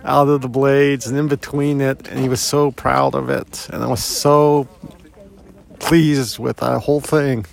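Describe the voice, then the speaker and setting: A middle-aged man telling a personal story in an earnest, reflective way, with halting pauses. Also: medium pitch, fairly even intonation, creaky.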